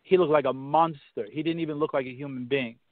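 A man on a podcast telling a faith story casually, halting and restarting, turning preachy when he quotes scripture. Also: a little high, fairly even intonation, dry recording. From Massachusetts. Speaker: podcast guest. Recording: tinny phone-line sound, dry.

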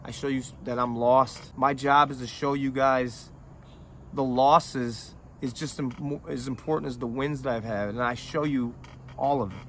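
A man's voice: mid-range voice, steady tone, fairly bright tone, slight background noise. Emotional, profane man talking to fans. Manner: emotional, profane, halting with many restarts. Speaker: independent rapper talking to fans. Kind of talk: heartfelt, rambling direct-to-camera talk.

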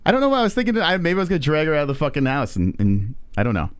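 A man's voice: on the high side, expressive, racing, clean tone, dry recording. A man hosting a live stream, telling a story in a casual, profane way and acting out the people he quotes. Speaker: stream host.

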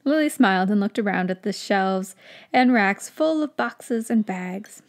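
A woman's voice: mid-range voice, animated, unhurried. A young woman hosting a podcast, chatting and laughing between reading a story aloud. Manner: chatty, laughs often, uses "like" a lot. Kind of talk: casual chat and story reading.

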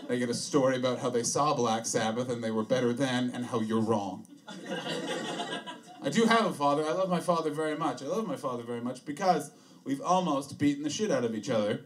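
A man doing a stand-up comedy set for a live album, telling dark stories in a deadpan way with sudden loud asides. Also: medium pitch, far from the mic. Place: hot, narrow comedy room. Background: audience laughter.

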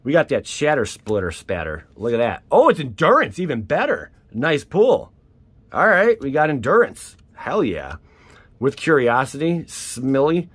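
A man hosting his own channel, giving casual, excitable commentary while opening card packs and exclaiming at each pull. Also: mid-range voice, a little slow, slightly rough, no room sound. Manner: peppers speech with mild swears.

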